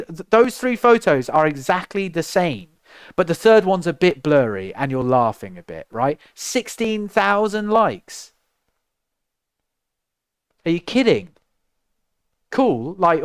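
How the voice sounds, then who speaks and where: A young English man, a musician on a livestream, ranting to his chat in an exasperated, animated way with lots of rhetorical questions. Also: medium pitch, no echo, clean studio sound. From England. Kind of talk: casual rant to stream chat.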